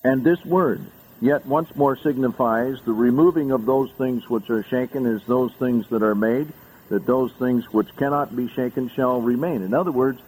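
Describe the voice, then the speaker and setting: Man as pastor, sermon delivery, reads verses with sharp upward emphasis, faint hiss on an old radio recording. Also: normal speed, rough recording. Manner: reads scripture aloud, rising high with emphasis.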